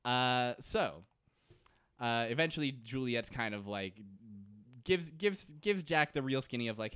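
A man's voice: medium pitch, lively intonation, unhurried, a bit bright, smooth, no echo, studio quality. A man co-hosting a casual podcast, recapping a TV episode, laughing often and acting out the characters' lines. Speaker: podcast co-host.

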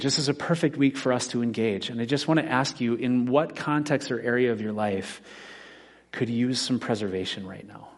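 Forties guy pastor giving a sermon, chatty storytelling preacher, normal mid pitch. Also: breathy edge. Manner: conversational preaching with personal anecdotes.

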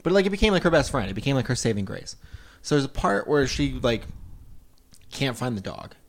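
A male podcast host in casual chat, retelling a horror film's plot in an animated way, full of "like" fillers. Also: mid-range voice, a little fast.

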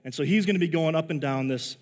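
A man preaches a sermon in a church sanctuary, his slightly high voice trailing a long hall reverb. He talks in a loose, chatty way, restarting his sentences and laughing at his own stories. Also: quick pace. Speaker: pastor. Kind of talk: sermon with personal storytelling.

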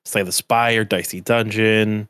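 Male podcast co-host, lowish pitch, dry mic, rambling casual delivery. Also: steady tone, takes it slowly, a bit bright, clean tone, dry recording. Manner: rambling, heavy use of "like" fillers. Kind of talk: casual chat.

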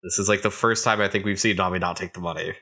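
A man's voice: deep voice, steady tone, pushed and bright. A man co-hosting a podcast, recapping a manga chapter by chapter in casual chat with joking asides. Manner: recaps the plot with joking asides and quick voiced quotes. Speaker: podcast co-host.

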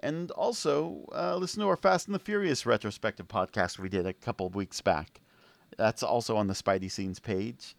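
Low-voiced laid-back podcast man. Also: lively intonation, normal speed, creaky, no room sound. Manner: easygoing, laughs often, many fillers. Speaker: podcast co-host. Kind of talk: casual podcast chat.

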